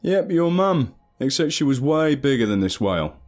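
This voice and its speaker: A man's voice: medium pitch, big pitch swings, normal speed, a little mellow, voice pushed up, natural voice. A man voicing a joking young male submersible pilot with a crude, teasing manner.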